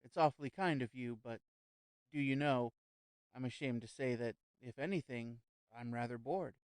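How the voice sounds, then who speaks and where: A composed young gentleman with a wry, lightly amused way of talking, his voice smooth and clear, as a male narrator plays him. It is mid-pitched and sounds dry and close, as in a storybook reading. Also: normal speed, no echo, lightly acted. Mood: calm.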